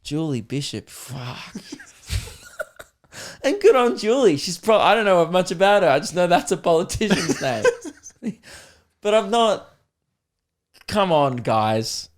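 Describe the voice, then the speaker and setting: Profane Australian comedian ranting. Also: male voice, sits high, unhurried, pauses often. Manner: animated, profane, laughing often. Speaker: podcast host. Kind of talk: comedic podcast rant.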